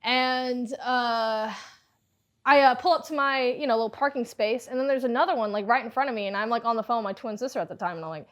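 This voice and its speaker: A woman hosting a podcast, telling a story in a casual, animated way, laughing often and swearing freely. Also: fairly high pitch, quick pace. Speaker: podcast host.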